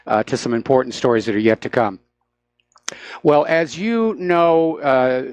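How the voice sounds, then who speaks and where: A man's voice: medium pitch, no room sound. A man hosting a talk radio show, giving opinionated, sarcastic commentary with frequent "uh" fillers into a studio microphone.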